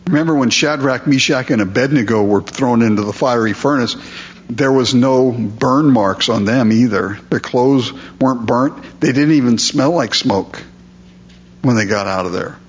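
A man preaching a sermon, reading scripture aloud and then explaining it in a relaxed, conversational way. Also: mid-range voice, normal speed, slightly rough, muffled recording. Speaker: pastor.

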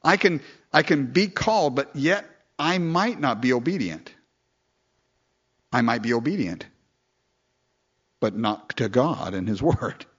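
Animated man preaching a sermon, lo-fi. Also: measured pace, pauses often, husky. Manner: conversational, animated, mimics people in falsetto quotes.

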